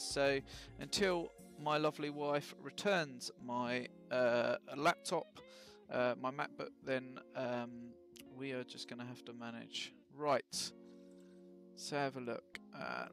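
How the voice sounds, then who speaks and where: Gravelly, chatty man streaming. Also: on the high side, a bit bright. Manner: chatty, self-mocking jokes, many ums and uhs. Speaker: flight sim streamer. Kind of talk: casual live-stream commentary.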